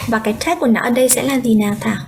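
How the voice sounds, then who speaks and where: Over a video call, a woman English teacher with a Vietnamese accent gives online class instruction, explaining patiently and switching between languages. Her voice is a little high and rapid-fire, with slight background noise.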